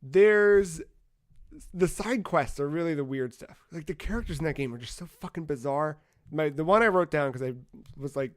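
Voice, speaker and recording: A man co-hosting a casual gaming podcast, retelling game scenes with lively acted-out dialogue and casual swearing. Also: on the high side, a little fast. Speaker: podcast co-host.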